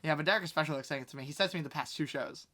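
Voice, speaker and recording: Bright, fast, excitable young man. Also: on the high side, a little hiss or hum. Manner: rambling, excitable, full of fillers and laughs. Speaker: podcast host, wrestling fan. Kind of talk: casual chat.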